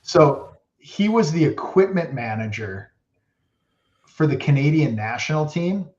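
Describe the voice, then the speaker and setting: A man's voice: a little high, animated, unhurried, a little mellow. A man who is a guest on a podcast, telling hockey stories in a loose, rambling way and saying "like" constantly. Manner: rambling, heavy use of "like". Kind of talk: casual storytelling. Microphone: podcast mic. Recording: roomy, dull lo-fi podcast audio.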